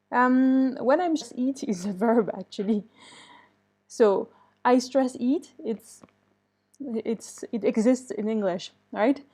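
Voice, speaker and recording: A woman runs an online English lesson, reading students' answers and responding with gentle encouragement. Her voice sits fairly high yet sounds mellow and warm. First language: French. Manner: reads student answers aloud and comments kindly; switches to French to correct mistakes. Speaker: English teacher.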